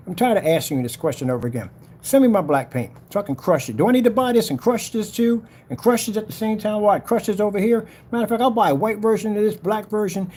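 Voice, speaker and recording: A man's voice: on the high side, dark tone, slight background noise. A man ranting casually to camera, boastful and challenging, repeating himself and daring rivals. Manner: trash-talking, challenging, repetitive. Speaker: vlogger selling projector screen paint.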